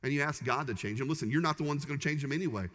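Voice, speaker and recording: A man's voice: a little high, rapid-fire, fairly bright tone. A man preaching a sermon as pastor, conversational and humorous with punchy repeated phrases. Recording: long hall reverb.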